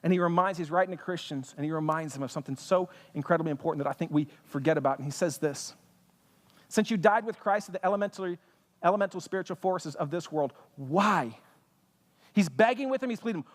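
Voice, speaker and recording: A man's voice: fairly high pitch, quick pace. A man preaching a sermon as pastor, impassioned, with rhetorical questions and bits of humor. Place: church sanctuary. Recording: long church hall reverb.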